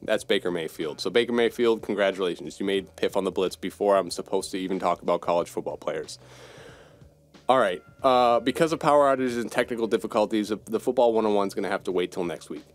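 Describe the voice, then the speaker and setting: A man's voice: lowish voice, fast. A young man hosting a solo sports podcast, giving blunt, profane opinions on football. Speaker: podcast host.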